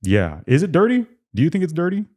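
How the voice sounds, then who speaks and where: A man's voice: on the high side, huge pitch swings, fast, a little mellow. A man co-hosting a casual podcast, making his points emphatically with rhetorical questions and repeated words. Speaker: podcast co-host.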